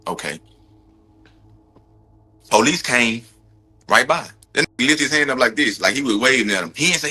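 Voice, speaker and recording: Husky, bright-voiced man retelling heatedly. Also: medium pitch, animated, normal speed, long pauses. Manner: emphatic, profane, repeats for stress. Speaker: brother of a victim giving a court update.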